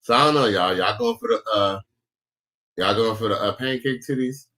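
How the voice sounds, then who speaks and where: A man's voice: fairly low pitch, normal speed, sharp tone. A man hosting a reaction video, talking in a laid-back, slangy way. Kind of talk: casual reaction commentary.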